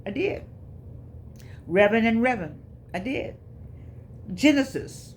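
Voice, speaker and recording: Woman, middle-aged, casual to-camera talk, repeats herself, slow emphatic punches. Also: fairly high pitch, lively intonation, a little hiss or hum. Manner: preachy, repeats herself, wanders off mid-thought; sudden emphatic stretched-out words. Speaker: online motivational speaker.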